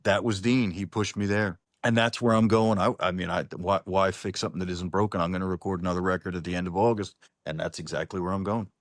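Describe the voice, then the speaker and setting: A low-pitched man appears as a singer-songwriter guest in a casual online interview, rambling, restarting sentences and calling the host "brother." He's on a video call microphone, yet the sound is studio quality with no echo.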